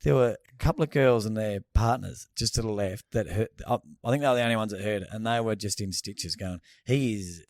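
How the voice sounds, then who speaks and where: A man's voice: on the low side, quick pace, few pauses, no room sound, studio quality. A man with an Australian accent co-hosting a podcast, telling crude, laughing stories in casual banter. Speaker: podcast co-host.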